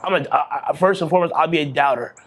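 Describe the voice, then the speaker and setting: A man in his thirties with a fairly high voice talks fast in a candid, emotional post-victory interview as a bodybuilding champion. He swears freely and keeps restarting his sentences.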